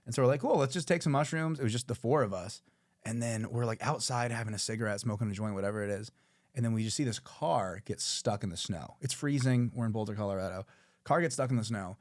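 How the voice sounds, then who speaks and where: A man's voice: mid-range voice, fast. A man co-hosting a podcast, telling crude stories with lots of laughter. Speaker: podcast co-host. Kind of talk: casual podcast chat.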